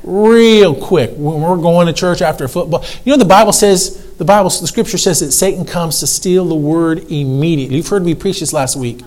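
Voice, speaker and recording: A man in his fifties preaching an animated sermon as a pastor, repeating himself and calling for responses from the congregation. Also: on the high side, brisk, few pauses, low-quality recording.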